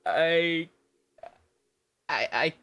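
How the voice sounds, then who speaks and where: A young woman live-streaming a game, chatting casually, excitable and emotional, with lots of laughing and swearing. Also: low-pitched, very slow.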